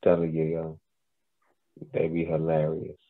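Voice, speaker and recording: Deep gravelly guy on a tinny line. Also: measured pace, no room sound. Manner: relaxed, drawling, slangy, trailing off mid-thought. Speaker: podcast co-host. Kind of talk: casual podcast chat. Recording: tinny phone-like dry sound.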